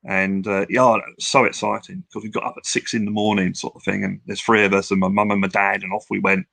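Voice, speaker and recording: An older man from England reminisces in a loose, rambling way, circling back and restarting his sentences. His voice is bright and forward. The sound is dry, close and without room echo. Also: on the low side, level tone, fast, creaky. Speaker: guest. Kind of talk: casual interview storytelling.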